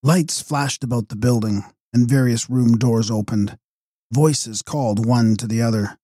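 Male narrator, measured reading, mellow tone, dry close recording. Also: mid-range voice, no echo. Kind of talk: audiobook narration of a gothic novel.

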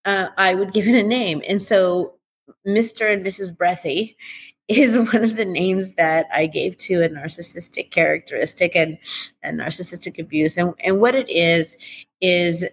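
Woman, middle-aged, low-pitched voice, animated interview guest, acts out dialogue. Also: moderate pace, breathy edge. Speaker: guest, recovery author. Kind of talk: conversational interview.

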